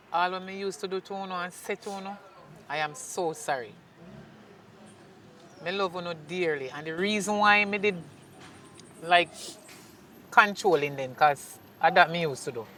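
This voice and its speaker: A woman's voice: lowish voice, unhurried, pauses often, bright, forceful tone, a little hiss or hum, poor audio. A remorseful Jamaican mother. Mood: heartfelt apology. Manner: pleading, apologetic, speaks in patois. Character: remorseful mother apologizing to her grown daughter. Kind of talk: film acting.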